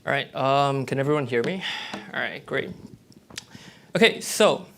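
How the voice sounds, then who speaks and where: A young man with a Malaysian English accent, giving a lively, explanatory TED-style talk as a graduate student presenter and checking in with his audience. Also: medium pitch, measured pace.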